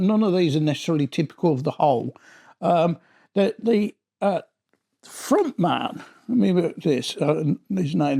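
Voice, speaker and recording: A middle-aged man talks through an album in a casual, rambling review, often doubling back on his words. His voice sits a little high and has a gravelly, creaky edge. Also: warm tone. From Britain. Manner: chatty and rambling, often restarting his sentences.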